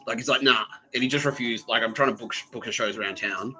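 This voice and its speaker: Rambling, profane podcast host. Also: male voice, mid-range voice, quick pace, pushed and bright, soft background music, rough recording. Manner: rambling, profane, laughs mid-sentence. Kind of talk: casual storytelling monologue.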